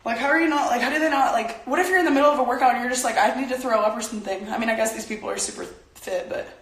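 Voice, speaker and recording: Young female workout coach, casual and chatty, a bit out of breath, somewhat high voice, heavy room echo. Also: rapid-fire. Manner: chatty, talks while exercising. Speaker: workout instructor. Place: home room. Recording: very echoey room, from a distance.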